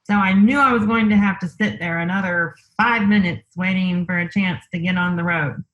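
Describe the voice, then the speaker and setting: A woman guest in a conversational interview, telling a personal story in an unhurried way, thinking aloud with lots of fillers. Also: on the low side, steady tone, a bit bright, dull audio.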